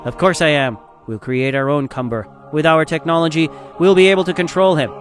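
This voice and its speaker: A man's voice: mid-range voice, moderate pace, fairly bright tone, soft background music, close to an everyday voice. A man voicing an arrogant, scheming male alien tyrant who speaks with contempt and gives orders. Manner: contemptuous, commanding.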